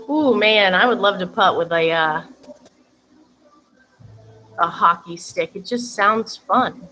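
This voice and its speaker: A woman's voice: medium pitch, very animated, slow, long pauses, sharp tone, a little hiss or hum, low-quality recording. A woman fitness coach giving chatty, upbeat instructions during a live-streamed workout, laughing now and then between cues.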